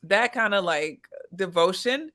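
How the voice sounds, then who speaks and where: A woman host responding warmly and enthusiastically to her guests, affirming them often. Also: medium pitch, lively intonation, measured pace. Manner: affirming and enthusiastic, with frequent "yeah" and "mm-hmm". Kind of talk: interview conversation.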